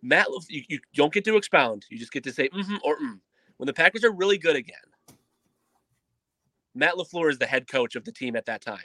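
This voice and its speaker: A man's voice: on the high side, lively intonation, brisk, pushed and bright, no room sound. A man hosting a casual sports podcast, teasing his co-hosts and steering the questions. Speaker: podcast host.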